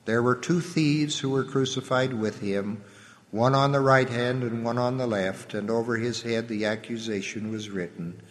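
Man, solemn scripture reading, measured reverent pace, falling phrase endings, long reverb. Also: mid-range voice. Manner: measured, reverent delivery with the voice dropping at phrase ends. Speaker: scripture reader.

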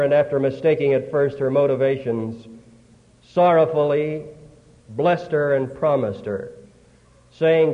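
Give me a man preaching in a slow, earnest storytelling sermon, heard as a tinny old recording. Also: a little high, in a large hall. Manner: slow, earnest retelling of scripture with dramatic pauses.

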